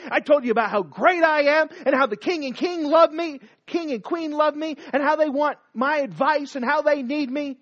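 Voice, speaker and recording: A man playing a boastful, hateful ancient male royal official who brags and bursts into shouting. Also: high-pitched, no room sound, lo-fi sound, full character voice.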